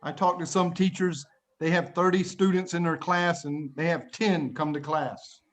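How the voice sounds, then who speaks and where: Over a video call, an American man teaches children an online English lesson, explaining words patiently and plainly. He laughs often, and his voice is fairly high-pitched and steady at a normal speed.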